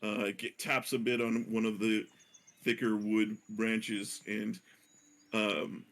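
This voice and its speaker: A man's voice: lowish voice, little pitch movement, takes it slowly, creaky, a bit bright. A man narrating as game master, hesitant and full of self-corrections.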